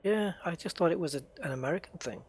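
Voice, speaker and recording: A man's voice: a little high, lively intonation, quick pace, a little hiss or hum. A man with an English accent, a game streamer chatting casually with viewers during a live stream and musing aloud as he plays. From United Kingdom.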